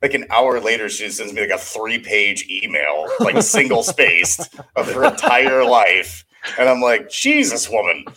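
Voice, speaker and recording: A man with a very deep voice and a bright, forceful tone co-hosts an audio drama podcast. He tells stories in an animated way and swears freely. He is talking from an echoey room. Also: unhurried. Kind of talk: casual chat on a remote call.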